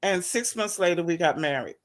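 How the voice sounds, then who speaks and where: A woman's voice: lowish voice, animated, brisk. A woman telling a personal story in casual chat, acting out both sides of the conversation and laughing often. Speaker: guest.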